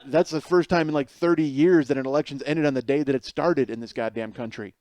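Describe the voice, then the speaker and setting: Middle-aged male podcast host: animated comic storyteller who swears a lot, close and dry, mid pitch. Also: a little fast, no room sound. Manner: animated, swears freely, laughs through punchlines. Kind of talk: comedic storytelling monologue.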